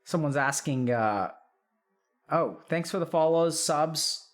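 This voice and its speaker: A man's voice: fairly high pitch, expressive, slow pace. A middle-aged man, a doctor, chatting casually on a live stream, thinking aloud and reading out chat with frequent restarts.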